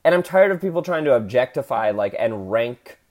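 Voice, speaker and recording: A man's voice: medium pitch, very animated, a little mellow. A man co-hosting a podcast in casual chat, jokey and rambling as he riffs on a topic. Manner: jokey, rambling, quick to riff. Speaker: podcast co-host.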